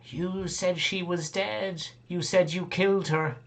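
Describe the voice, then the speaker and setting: A man's voice: high voice, fairly even intonation, slow pace, pitched above the performer's own voice. A man voicing an accusing lava child creature.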